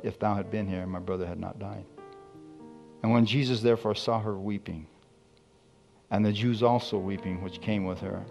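A man preaching a sermon, reading scripture slowly and calling out to his congregation. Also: fairly low pitch, gravelly, darkish tone.

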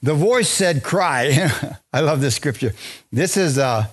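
A man preaching a lively, joking sermon in a church, drawing responses from the congregation. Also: a little high, takes it slowly. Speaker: pastor. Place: church sanctuary.

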